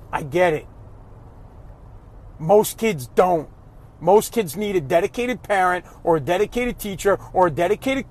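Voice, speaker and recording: A father ranting bluntly about raising kids, swearing heavily and raising his voice as he talks. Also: high-pitched. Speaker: father giving opinions. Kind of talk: profane ranting monologue.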